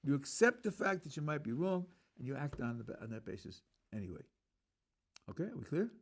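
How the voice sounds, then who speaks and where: A man's voice: mid-range voice, very animated, a little fast. Rabbi guy lecturing a class, voice goes up and down a lot, explains stuff, lots of ums and restarts. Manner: explanatory, thinks aloud with fillers and restarts.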